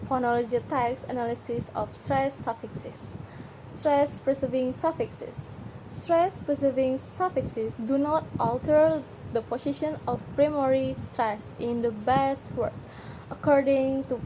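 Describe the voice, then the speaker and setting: A young woman reading a class presentation, carefully pronouncing each word twice. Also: high-pitched. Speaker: student presenter. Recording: noisy home recording with crickets. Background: crickets and insects.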